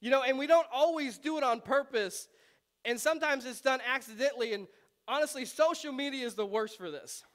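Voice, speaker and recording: A man, a pastor, preaching a conversational sermon in a relaxed, chatty way, often laughing and with frequent ums. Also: very high voice, fairly quick.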